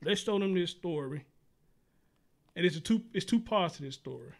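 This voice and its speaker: High-voiced man hosting a casual show. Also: lively intonation, moderate pace. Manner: loose and profane, addresses listeners as dude and brother. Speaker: show host. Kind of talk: casual talk-show storytelling.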